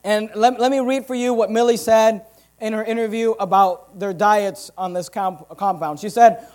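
A pastor preaching a sermon in an emphatic, punchy style with big loud swings. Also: male voice, sits high, fairly even intonation, normal speed.

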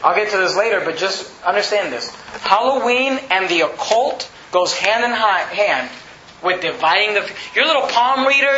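High, bright-voiced man preaching. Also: lively intonation, normal speed, a little hiss or hum. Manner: emphatic preaching with mocking put-on quotes. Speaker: pastor. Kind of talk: sermon. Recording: roomy, slightly dull recording.

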